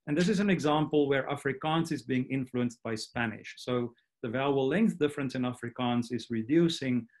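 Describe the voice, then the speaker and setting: A man's voice: medium pitch, darkish tone. A man giving an academic linguistics talk online, explaining steadily and now and then restarting a phrase. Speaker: linguistics lecturer. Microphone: computer mic on video call.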